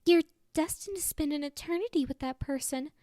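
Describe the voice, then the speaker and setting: Woman playing a high-pitched teen girl schemer, cocky, capricious, fan audiobook, dry close sound. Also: brisk, no room sound, close to an everyday voice. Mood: teasing. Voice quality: high-pitched, swings between bubbly and deadpan. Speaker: audiobook voice actor. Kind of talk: fan audiobook character reading.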